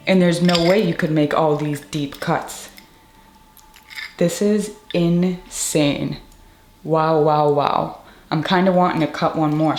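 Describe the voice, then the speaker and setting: A woman demonstrating a stained glass tool in a casual tutorial vlog, explaining as she works and often gushing with excitement. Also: sits low. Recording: echoey room with faint music.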